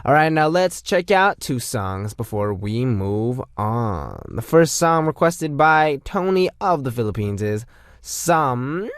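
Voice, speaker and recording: A man's voice: medium pitch, big pitch swings, slow, smooth, no room sound, studio quality. Playful radio DJ man. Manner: playful, chatty, jokey. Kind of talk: radio show hosting. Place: radio studio.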